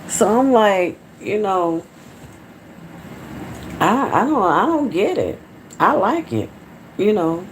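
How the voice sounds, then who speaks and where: A woman's voice: medium pitch, very animated, takes it slowly, long pauses, a little hiss or hum. A woman from Atlanta with a Southern American accent, chatting casually and rambling to her viewers on a phone livestream from home. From Atlanta, Georgia, USA. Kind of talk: casual live-stream chat.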